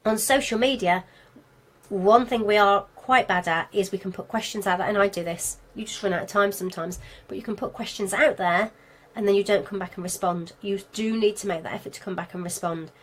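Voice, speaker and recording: A woman from England with a Birmingham (Brummie) accent teaches marketing to craft sellers in a live video class from a lit home studio indoors. She's chatty and self-deprecating, speaking directly to viewers in a steady, medium-pitched voice at a fairly quick pace.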